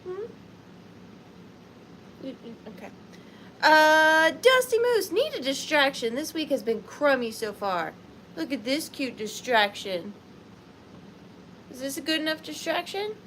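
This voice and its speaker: A young Southern woman hosts a relaxed live-stream sale from her chair at home, greeting viewers one by one. Her voice sits high and swoops up and down as she slips into sing-song baby talk with her rabbit. She sounds a bit sleepy, with a faint hiss of room noise behind her. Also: measured pace, long pauses.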